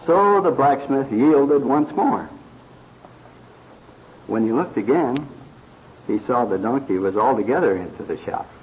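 A man preaching a sermon slowly and earnestly, retelling a fable with quoted voices. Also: medium pitch, slight background noise. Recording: dull lo-fi recording.

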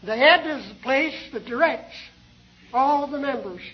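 A man preaching a sermon in a deliberate, measured way, pausing often between phrases. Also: very high voice, expressive, lo-fi sound. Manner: slow, deliberate, with many pauses.

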